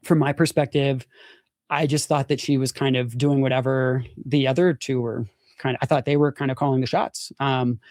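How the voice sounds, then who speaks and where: A man's voice: moderate pace, no echo, clean studio sound. A young adult man, a podcast guest, telling a story casually, acting out quotes and filling his talk with "like". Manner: animated storyteller, acts out quotes with big pitch jumps, frequent "like". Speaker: podcast guest, former reality show contestant.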